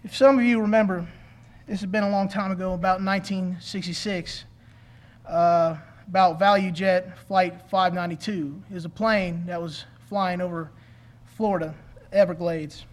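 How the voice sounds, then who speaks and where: A man's voice: sits high, fairly even intonation, normal speed. A man preaching a sermon in an earnest, pleading way, asking his listeners questions.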